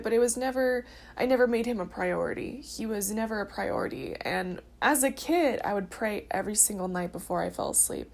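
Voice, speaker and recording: A woman's voice: mid-range voice, lively intonation, a little fast, creaky. A woman in her early twenties telling her personal story in a casual, earnest way, with frequent filler words. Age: early 20s. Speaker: vlogger sharing her testimony.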